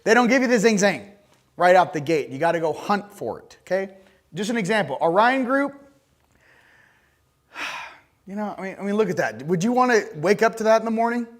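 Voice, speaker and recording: A man speaking to a conference audience, animated and joking, blunt and crude as he makes his points. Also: high-pitched, moderate pace, pauses often. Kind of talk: live talk to an audience.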